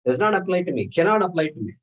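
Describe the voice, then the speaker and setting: A man's voice: high-pitched, very animated, racing, a bit bright, low-quality recording. Man teaching a scripture class. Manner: explanatory, repetitive phrasing with Sanskrit terms.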